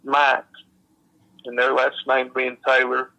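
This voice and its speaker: A man, slowly retelling a secondhand encounter in plain, folksy speech with frequent fillers. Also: mid-range voice, completely flat delivery, creaky, bright, forceful tone, rough recording. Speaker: storyteller.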